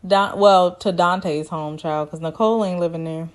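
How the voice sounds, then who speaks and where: A woman's voice: fairly low pitch, steady tone, normal speed. A woman vlogger giving sassy, teasing commentary in a casual TV recap.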